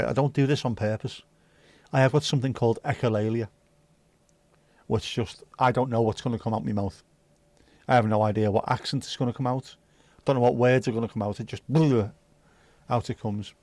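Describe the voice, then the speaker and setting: A man's voice: mid-range voice, fairly even intonation, a little fast, darkish tone, dry recording. Chatty male livestream host, dry sound. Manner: chatty, jokey, reacting to chat. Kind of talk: casual livestream chat.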